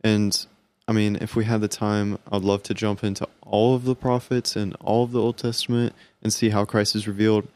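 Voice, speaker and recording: A man's voice: lowish voice, flat delivery, normal speed, darkish tone. A man co-hosting a podcast, talking in a friendly, easygoing way as he passes the talk along. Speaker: podcast co-host. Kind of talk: casual podcast chat.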